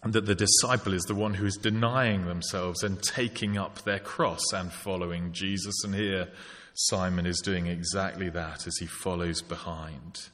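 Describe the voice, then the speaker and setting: Male preacher, low-pitched, sermon in a reverberant church hall. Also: a bit bright. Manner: reflective, asks rhetorical questions.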